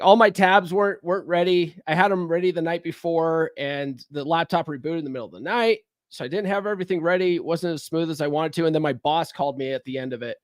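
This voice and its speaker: A man's voice: on the high side, dry recording, studio quality. A man hosting a casual livestream, rambling and conversational, recovering from a cold. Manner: rambling, conversational, frequent fillers and restarts. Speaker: livestream host.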